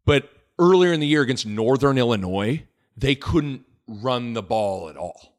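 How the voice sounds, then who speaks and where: A man hosting a sports talk show in a loose, joking way. His pitch moves around a lot as he talks, and he circles back over his own points with plenty of restarts. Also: measured pace. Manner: animated, rambling with restarts, jokey. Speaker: sports podcast host. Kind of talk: casual sports chat.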